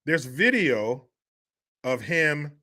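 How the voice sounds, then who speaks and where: Male podcast host, fairly high voice, sharp and forceful, crude, mocking rant. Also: very animated, extremely slow. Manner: crude, mocking, profane, often laughing scornfully. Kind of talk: solo commentary rant.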